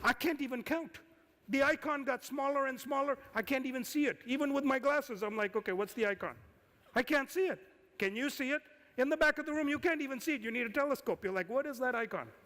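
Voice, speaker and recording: A man giving a conference talk as an investor, lively and firing questions at the audience. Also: very high-pitched, quick pace. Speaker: conference speaker, angel investor. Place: conference hall. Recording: reverberant hall.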